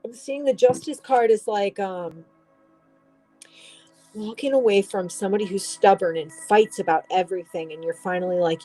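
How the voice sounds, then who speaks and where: A woman's voice: mid-range voice, moderate pace, mellow, faint music behind, poor audio. A woman giving a casual tarot reading, rambling and restarting, swearing now and then. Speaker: tarot reader.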